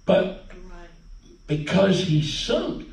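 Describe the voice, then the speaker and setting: Pastor guy preaching, high voice, kinda folksy, church room echo, mic far off. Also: extremely slow, vocal fry. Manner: folksy, animated preaching with hallelujahs. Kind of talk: sermon. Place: church sanctuary. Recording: echoey church sanctuary, distant mic.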